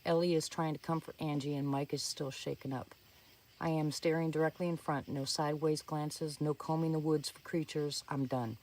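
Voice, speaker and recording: A woman's voice: deep voice, fairly even intonation, moderate pace, darkish tone. Storyteller woman, earnest suspense reading, some distance from the mic. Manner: earnest, suspenseful telling with small slips and restarts. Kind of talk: reading a first-person story aloud.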